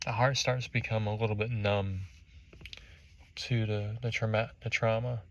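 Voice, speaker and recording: Low-voiced man telling a motivational story. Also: moderate pace. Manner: animated, acts out scenes vividly. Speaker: motivational speaker. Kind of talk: motivational storytelling in second person.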